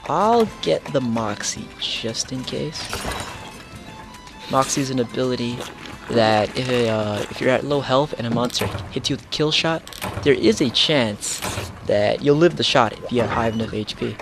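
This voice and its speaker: A man's voice: medium pitch, moderate pace, vocal fry. A young man hosting a casual gameplay explainer, rambling with many fillers and jokes, over game music. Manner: rambling, filler-heavy, jokey. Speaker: gaming channel host.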